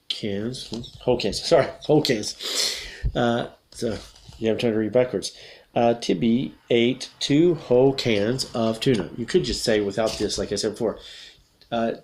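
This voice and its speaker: A man teaching English grammar, reading a picture book aloud slowly and breaking off to explain and correct himself. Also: medium pitch, a little mellow, a little hiss or hum. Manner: reads slowly with self-corrections and asides. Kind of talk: casual read-aloud lesson.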